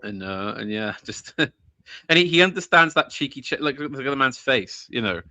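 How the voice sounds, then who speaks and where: A man hosting a relaxed chat with a bright, forward voice. He is eager and full of stops and restarts, with easy laughter along the way. He is recorded dry and close. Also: mid-range voice, no room sound. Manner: enthusiastic, halting, often laughing. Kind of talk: casual chat.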